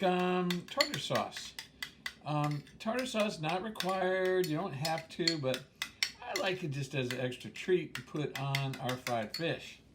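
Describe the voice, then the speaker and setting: A relaxed man demonstrating a home-cooked dinner, chatty and unhurried, dropping fillers and small laughs as he works. His voice sits a bit on the high side for a man. The kitchen sound is roomy, picked up from some distance with a faint hum behind. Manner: easygoing, rambling with frequent um fillers and chuckles. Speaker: home cook hosting a cooking show. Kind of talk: casual cooking demonstration.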